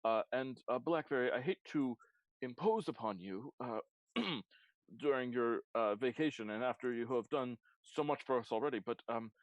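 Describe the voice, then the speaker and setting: A man voicing a fastidious, formal male elf in a tabletop game, polite and fussy. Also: mid-range voice, lively intonation, no room sound, natural voice, low-quality recording. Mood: apologetic.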